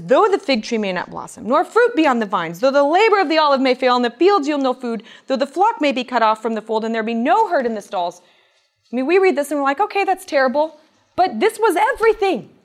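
Woman Bible teacher, slightly high voice, earnest and expressive sermon delivery. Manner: earnest and expressive, voice rising with emphasis; reads scripture aloud in a measured tone.

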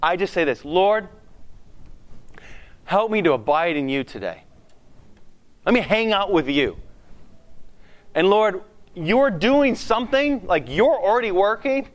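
High smooth-voiced man giving a devotional. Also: unhurried, long pauses. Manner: lively, restarts often, acts out his own prayers. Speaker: school principal giving a devotional talk. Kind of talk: sermon-style devotional talk. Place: in front of a live audience.

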